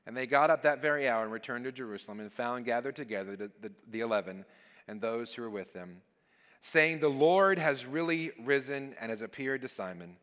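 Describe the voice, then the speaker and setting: A man's voice: mid-range voice, expressive, a little fast, a bit bright. A man preaching as a guest speaker, reading scripture aloud and then explaining it in an earnest, emphatic way. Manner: earnest, emphatic preaching with falling phrase endings. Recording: long church hall reverb.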